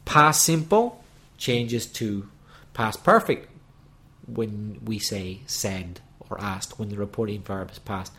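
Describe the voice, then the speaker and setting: A man's voice: fairly low pitch, slow, pushed and bright. A man co-hosting a casual English-lesson podcast. He adds chatty asides and examples to the lesson. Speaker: podcast co-host.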